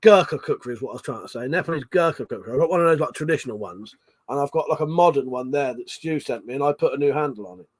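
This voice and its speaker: This British livestream host races along in a mid-range voice with lively intonation during a casual late-night stream. He's tipsy, laughs frequently, swears freely, and reads from chat, recorded at studio quality with no echo.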